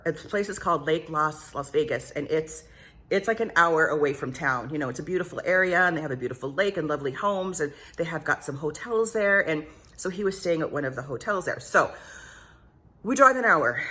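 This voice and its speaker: Vlogger type: middle-aged woman with a crisp, bright tone, animated storyteller, pokes fun at herself. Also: deep voice. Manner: animated, self-mocking, laughs often. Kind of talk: casual storytelling.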